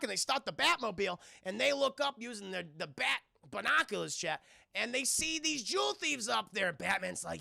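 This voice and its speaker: A man recapping a cartoon episode live to his stream chat, excitable and profane, constantly addressing the chat. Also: high-pitched, moderate pace, gravelly, no echo, studio quality. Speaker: streamer and reviewer.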